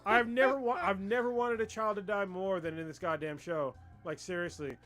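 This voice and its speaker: A man with a high voice co-hosts a casual livestream chat about anime. He rants with excitable, profane energy and laughs often. Faint music plays behind him. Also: normal speed. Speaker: livestream co-host.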